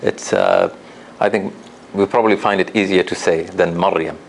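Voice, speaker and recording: A man leads a classroom lesson in a low, gravelly voice. He talks patiently, repeating each example slowly and putting questions to his students. A faint hum sits under the recording. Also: big pitch swings. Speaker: Quran recitation teacher.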